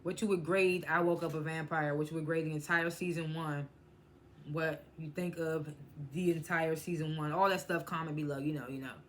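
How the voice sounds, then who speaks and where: A woman's voice: deep voice, steady tone, moderate pace, a little hiss or hum. A woman reviewing TV shows in a casual, chatty recap. She often stumbles and restarts her words and laughs as she retells scenes. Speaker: TV show reviewer.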